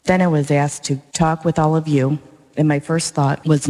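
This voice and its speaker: A woman's voice: low voice, level tone, moderate pace, warm tone. A woman from a parish evangelization commission giving her personal faith testimony to a congregation in an earnest, plain-spoken, heartfelt way. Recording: long reverb of a large church.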